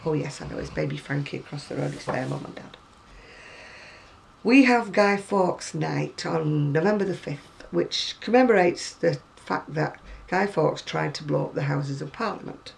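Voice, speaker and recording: Chatty British woman with a creaky voice. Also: low-pitched, lively intonation, measured pace, low-quality recording. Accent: British English. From Britain. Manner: chatty, rambling, wry asides. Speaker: crochet vlogger. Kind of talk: casual chat showing magazines. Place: at home.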